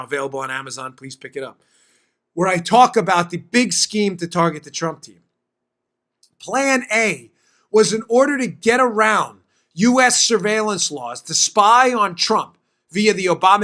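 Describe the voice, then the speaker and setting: High-voiced emphatic male talk show host. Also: bright, forceful tone. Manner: emphatic, repeats points for stress, quick asides. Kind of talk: political commentary talk show.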